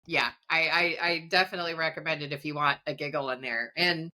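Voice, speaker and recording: A woman's voice: sits low, steady tone, fast talker, pushed and bright. A middle-aged woman hosting a podcast, chatting casually and rambling with frequent giggles. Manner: giggly, rambling, laughs often. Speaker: podcast host. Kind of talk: casual chat.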